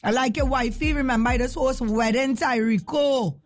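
A young woman, hosting a casual morning radio show, lively and chatty. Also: sits high, normal speed. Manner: lively, chatty, laughs often.

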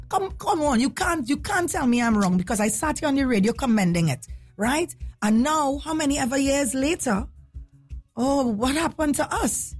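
A woman from Trinidad and Tobago with a Trinidadian accent, hosting a casual talk radio show in an animated, chatty way and slipping into local dialect. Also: fairly high pitch, husky. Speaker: radio host.

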